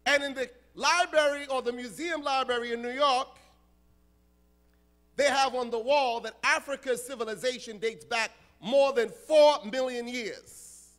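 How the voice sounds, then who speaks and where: High, bright, animated American imam. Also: male voice, unhurried. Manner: animated, joking with the crowd, acts out voices. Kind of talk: lively youth lecture. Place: large conference hall.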